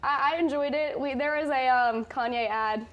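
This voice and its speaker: A young woman with a high, bright-pitched voice co-hosts a student campus show. She chats casually and giggles often, stumbling through ums and restarts. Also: moderate pace, lo-fi sound. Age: young adult. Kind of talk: casual chat.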